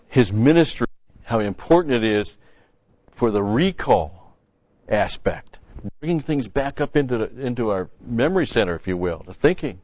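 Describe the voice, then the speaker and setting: A man's voice: mid-range voice, a little mellow, no room sound. A man preaching a sermon-style Bible teaching in a conversational, folksy way, repeating key phrases. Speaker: pastor. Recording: dry, dull lo-fi sound.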